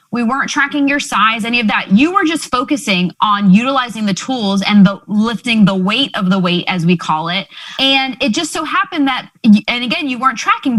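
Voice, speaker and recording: A woman's voice: on the high side, a bit bright. Emphatic woman podcast host and coach. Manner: emphatic, encouraging, many fillers like "you know". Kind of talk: conversational podcast interview.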